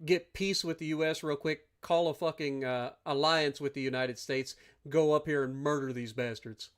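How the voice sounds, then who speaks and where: Man, game livestream commentary, swearing and ranting at opponents, somewhat high voice. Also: steady tone, normal speed. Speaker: streamer. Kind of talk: live gameplay commentary.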